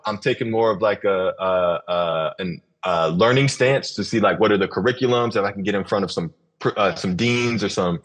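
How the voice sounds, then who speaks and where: A man's voice: fairly low pitch, fairly bright tone, slightly rough. A man hosting a podcast in casual conversation, speaking reflectively and often restarting and repeating phrases as he thinks. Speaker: podcast host.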